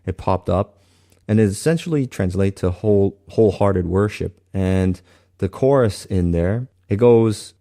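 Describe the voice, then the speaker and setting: A man sharing a personal faith testimony in an earnest, halting way, often restarting his sentences. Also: low voice, warm tone.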